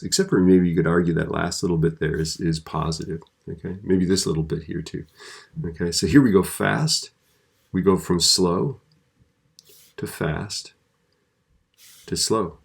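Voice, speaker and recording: A man's voice: low-pitched, vocal fry, darkish tone, breathy edge. A man teaching a physics video lesson in a conversational way, often checking in with the listener.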